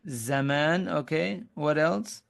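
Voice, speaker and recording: Slow and gravelly, with a slightly high pitch, a man walks students through Arabic grammar in an online webinar. He quizzes them as he goes and keeps restarting sentences.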